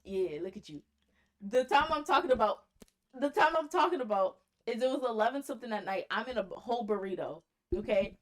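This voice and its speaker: A woman's voice: fairly high pitch, animated, brisk. Blunt, swearing young woman. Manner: blunt, swearing, teasing storyteller. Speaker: podcast co-host. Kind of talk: casual chat.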